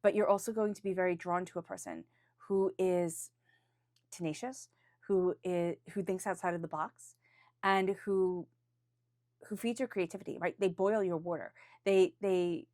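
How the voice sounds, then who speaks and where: A woman's voice: fairly low pitch, a little mellow, dry recording, studio quality. A woman reading tarot cards for a weekly forecast, speaking off the cuff in an earnest, encouraging way. She often restarts her phrases and now and then calls on angels and spirit guides. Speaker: tarot reader.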